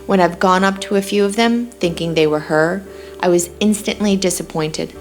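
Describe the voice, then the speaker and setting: A lovesick young man telling his story in first person, read by a woman in an audiobook. He sounds wry and a little defensive, and the voice sits low. Faint music plays behind. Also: normal speed, natural voice.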